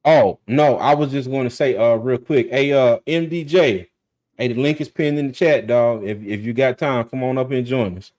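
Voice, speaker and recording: A man hosting a casual sports chat, friendly and halting, restarting his sentences. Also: mid-range voice, a little mellow. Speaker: podcast host.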